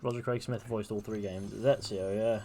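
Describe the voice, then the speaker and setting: A man's voice: on the low side, fairly even intonation, moderate pace, dark tone, a little hiss or hum. A young man streaming a game, chatting casually and offhandedly, swearing now and then. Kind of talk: casual commentary over gameplay.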